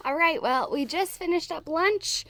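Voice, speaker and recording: A woman's voice: extremely high pitch, lively intonation, moderate pace, pushed and bright, no room sound. A young woman with a Southern US accent, chatting cheerfully to camera while walking a hiking trail outdoors and laughing often. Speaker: hiking vlogger. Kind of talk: casual hiking vlog narration.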